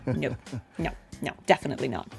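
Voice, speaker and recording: A woman's voice: extremely low pitch, a little fast, creaky, faint music behind. A woman with a neutral RP English accent chatting as a voice actor while streaming a game, laughing often. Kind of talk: casual stream commentary.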